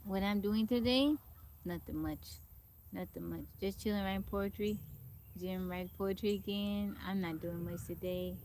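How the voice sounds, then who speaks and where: A woman's voice: medium pitch, a little slow, a little mellow, slight background noise. A woman hosting a casual live stream outdoors in a forest, chatting with viewers and greeting them by name. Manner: chatty, greets viewers and reads out their comments. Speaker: livestream host.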